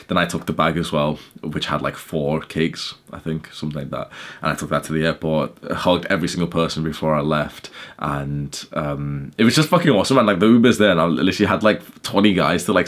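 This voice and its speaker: A young man telling a story straight to his audience in a quick, rambling rush. His voice sits low and deep, and his talk is full of fillers and casual swearing. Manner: fast, chatty, swearing, lots of "like" fillers. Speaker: YouTuber.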